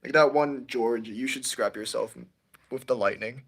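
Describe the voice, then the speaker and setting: A young man streaming his model railway layout in casual commentary, excitable and prone to yelling at the trains. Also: mid-range voice, normal speed. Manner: excitable, yells at toy trains.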